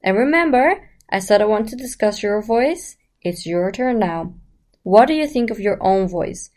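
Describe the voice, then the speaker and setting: A woman's voice: medium pitch, lively intonation, normal speed, darkish tone. Woman coaching on voice, casual lesson, talks right at you, lots of "right?" questions. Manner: chatty, direct to the listener, asks rhetorical questions.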